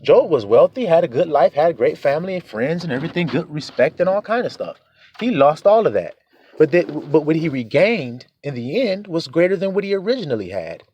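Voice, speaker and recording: Animated man preaching a sermon. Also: on the high side, brisk, muffled recording, a little hiss or hum. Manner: animated, acts out quoted voices.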